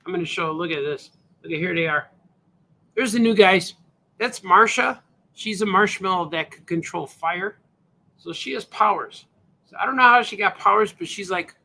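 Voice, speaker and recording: This man's high-pitched voice has vocal fry and a sharp tone as he rambles casually through a livestream, displaying his comic pages. He's easygoing and keeps saying "hey, man."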